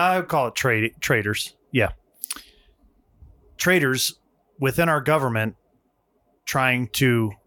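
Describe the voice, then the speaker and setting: A man co-hosting a casual political podcast, talking in an animated, emphatic way and often repeating phrases. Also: mid-range voice, no room sound. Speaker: podcast co-host.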